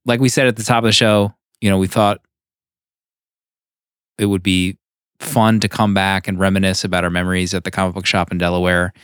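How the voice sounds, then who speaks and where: Man, podcast co-host, deep voice, wry, reminiscing, dry recording. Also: level tone, fairly quick, fairly bright tone, clean tone, dry recording. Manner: wry, reminiscing, lots of laughs. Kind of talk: casual chat.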